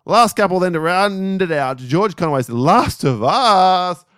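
A man co-hosting a podcast, reading out listener lists in casual, animated chat with frequent swearing and laughter. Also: high-pitched, a little slow, clean tone, no echo, clean studio sound. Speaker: podcast co-host.

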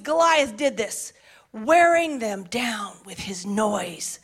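A woman's voice: mid-range voice, animated, takes it slowly. A woman preaching a sermon, reading scripture and breaking into casual asides with fervent energy. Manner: fervent, building to shouted declarations.

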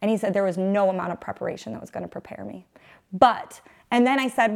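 A woman's voice: medium pitch, fairly even intonation, a little fast, gravelly, darkish tone. Earnest woman, 30s, emotional testimony-style storytelling in an interview. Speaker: guest, mother.

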